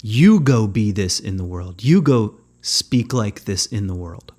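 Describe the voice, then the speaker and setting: A man's voice: lowish voice, lively intonation, unhurried, darkish tone. A man giving a reflective spiritual teaching talk as a podcast host, thoughtful and conversational, often searching for words.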